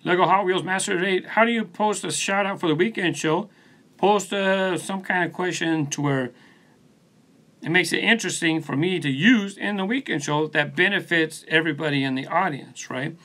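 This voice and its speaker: Gravelly, bright-voiced man chatting loosely. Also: high-pitched, normal speed. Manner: laid-back, rambling, answers viewers by name. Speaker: channel host. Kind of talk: casual live stream chat reading comments. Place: his studio. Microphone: phone on a post.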